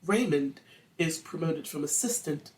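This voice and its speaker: A podcast host spins a true-crime tale in loose, animated talk. The speech is crude and playful, and the voice sits a little back from the microphone. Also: medium pitch, unhurried, distant mic. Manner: animated, crude, acts out quotes. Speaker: podcast host telling the story. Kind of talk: casual true-crime storytelling.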